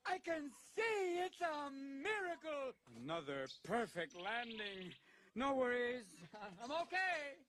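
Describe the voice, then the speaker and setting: A zany, frantic fruit bat. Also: male voice, extremely high pitch, sing-song, noisy background, heavily acted. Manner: frantic, rapid swings between shouting and babbling. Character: zany, manic male fruit bat, loud and scatterbrained. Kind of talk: animated film dialogue. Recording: film clip with loud music score.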